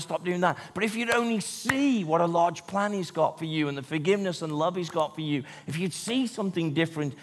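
A man's voice: high-pitched, gravelly. A man preaching a conversational sermon to a large congregation, often asking rhetorical questions. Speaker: pastor. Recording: long church hall reverb.

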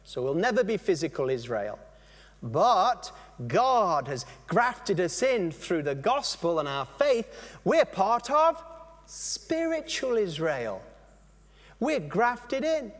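A man preaching a sermon, animated, stopping and restarting phrases as he explains. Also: high-pitched, takes it slowly, long reverb tail. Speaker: pastor.

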